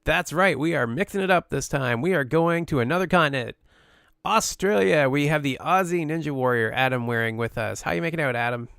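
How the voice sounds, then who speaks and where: A man's voice: on the high side, brisk, vocal fry, fairly bright tone, no room sound, clean studio sound. A man hosting a casual podcast chat in an upbeat, friendly way. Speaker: podcast host.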